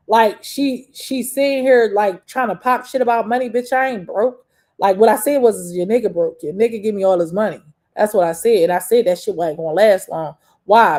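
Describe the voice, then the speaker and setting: A young woman host rants to her listeners, cursing constantly and circling back on herself with restarts. Her voice sits mid-range in pitch with a warm, mellow tone. The delivery is combative and unscripted. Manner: profane, combative, rambling with many restarts. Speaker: podcast host. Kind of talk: casual rant monologue.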